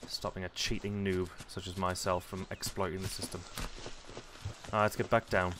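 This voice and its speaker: Lowish man muttering game commentary. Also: level tone, moderate pace, noisy background. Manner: chatty, muttering to himself, self-mocking. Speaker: let's play commentator. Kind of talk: casual gameplay commentary.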